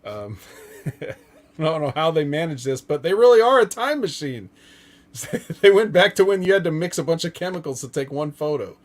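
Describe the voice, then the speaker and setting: A man's voice: on the high side, big pitch swings, moderate pace. Joking, profane podcast host, a man. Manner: loose, joking, profane, laughs often. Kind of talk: casual wrestling recap chat.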